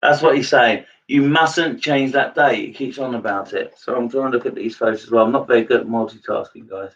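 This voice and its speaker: A psychic medium giving a live-streamed reading to viewers, halting, repeating his phrases and turning emotional. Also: mid-range voice, distant mic, lo-fi sound.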